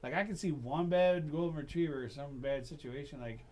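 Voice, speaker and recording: A man hosting a podcast in casual chat, telling rambling stories full of swearing, dropping to a mumble and then bursting out loud. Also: a little high, brisk. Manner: profane, animated storyteller, swings between mumbles and loud bursts. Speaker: podcast host.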